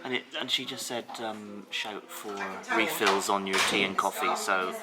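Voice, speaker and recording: A man's voice: lowish voice, fairly even intonation, normal speed, over a noisy crowd. A man vlogging over afternoon tea in a hotel dining room, chatting and rambling enthusiastically about the food. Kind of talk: casual chat reviewing food.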